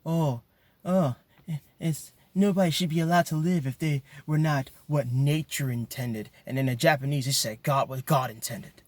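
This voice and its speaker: A man with a somewhat high voice rants emphatically straight to his viewers, stacking repeated words as he presses each point. The sound is close and dry, with no room around it. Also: normal speed, no room sound. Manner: emphatic, ranting, repeats words when worked up. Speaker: video commentator. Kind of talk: impassioned monologue.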